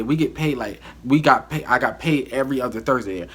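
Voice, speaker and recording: A man telling a story from his life in a casual vlog monologue, animated and acting out the dialogue. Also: mid-range voice, fairly quick, few pauses, husky.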